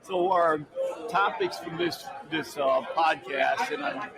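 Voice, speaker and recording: A man co-hosting a podcast in easygoing banter, teasing his partner and laughing often. His voice sits a bit high. Chatter from a crowd carries behind him. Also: slow, low-quality recording. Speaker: podcast co-host.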